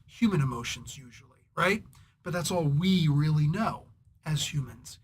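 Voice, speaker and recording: Sarcastic and irritated yet casual, a man rambles through a comic book review, clearing his throat again and again. His voice is high with a fairly bright tone.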